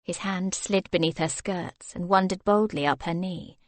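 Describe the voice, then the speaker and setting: A woman narrating an audiobook in a measured, expressive manner. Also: fairly low pitch, no room sound. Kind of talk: scripted narration.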